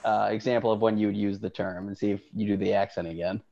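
A man co-hosting a comedy podcast with dry, low-key quips, on a dull lo-fi mic. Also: little pitch movement, quick pace, gravelly, dark tone. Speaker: podcast co-host. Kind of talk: casual comedy podcast chat.

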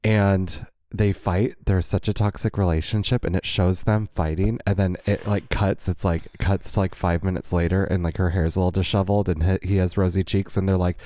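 Low, dark-voiced man in crude gossip. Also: little pitch movement, brisk, hardly any pauses, dry recording, studio quality. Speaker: podcast co-host. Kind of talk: casual chat.

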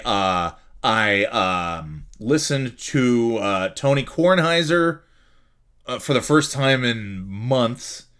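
A man's voice: medium pitch, fairly bright tone. A man hosting a solo podcast from home, chatting casually in a rambling, jokey, self-mocking way. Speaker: podcast host.

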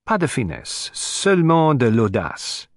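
A man's voice: medium pitch, huge pitch swings, a little slow, no room sound, clean studio sound. Man putting on a fussy, vain Belgian detective voice. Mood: pleased. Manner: precise, self-satisfied, drops French phrases. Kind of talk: audiobook character reading.

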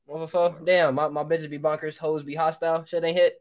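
A man's voice: a little high, flat delivery, fairly quick. A man co-hosting a casual podcast, trading laid-back banter and short reactions. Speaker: podcast co-host.

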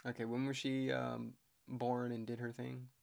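A man's voice: mid-range voice, completely flat delivery, moderate pace, gravelly, darkish tone, clear, resonant tone. A young man co-hosting a casual podcast, reading notes aloud and rambling, stumbling over words now and then. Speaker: podcast co-host. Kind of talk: casual chat.

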